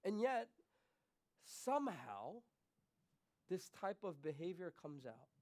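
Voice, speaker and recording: A man preaching a sermon as pastor, swinging between quiet, confessional remarks and raised, emphatic questions to the congregation. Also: high voice, sing-song, slow. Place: church.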